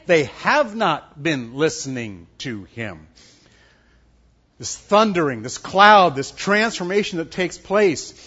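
Animated, emphatic preaching man. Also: fairly high pitch, takes it slowly, husky. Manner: animated, emphatic preaching with sudden soft drops. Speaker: pastor. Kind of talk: sermon. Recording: dull lo-fi sound.

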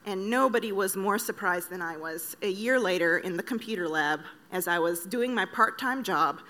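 A woman's voice: medium pitch, normal speed, pushed and bright. A woman from Kenya, a missionary, giving an earnest, conversational personal testimony to an audience, with light joking asides. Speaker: missionary speaker.

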